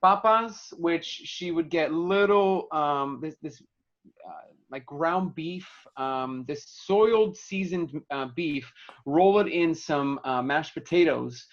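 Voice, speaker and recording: A man who is a podcast guest, talking casually and hesitantly, often pausing to search for words. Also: a little high. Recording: dull lo-fi sound.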